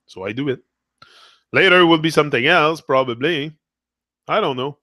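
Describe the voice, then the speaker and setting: A man's voice: on the high side, moderate pace, pauses often, bright, forceful tone, no room sound. A man who speaks French first, talking in English with a French accent, giving an earnest, rambling motivational talk. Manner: rambling, self-correcting, earnest. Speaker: motivational vlogger. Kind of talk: casual live motivational talk.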